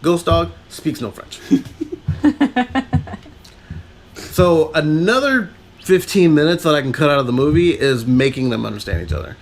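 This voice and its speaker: A man's voice: on the high side, expressive, a little slow, gravelly, pauses often. A man co-hosting a podcast, rambling through a film recap in casual chat and laughing often. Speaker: podcast co-host.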